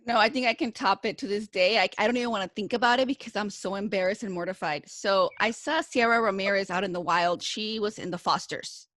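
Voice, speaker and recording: A woman's voice: mid-range voice, a little fast, hardly any pauses, a bit bright, no echo. A woman on a radio show in a studio, telling an embarrassing story in a sheepish, rueful way. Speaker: radio co-host. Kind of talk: casual studio chat. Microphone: studio microphone.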